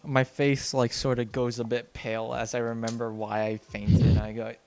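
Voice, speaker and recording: Quiet, deadpan male player. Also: mid-range voice, normal speed, faint music behind. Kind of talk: tabletop role-play.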